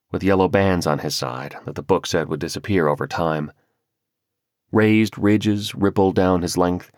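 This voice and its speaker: A male audiobook narrator reading a novel in a measured, storytelling manner. His voice is deep and low, recorded dry and close with no room sound. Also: dry recording. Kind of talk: scripted narration.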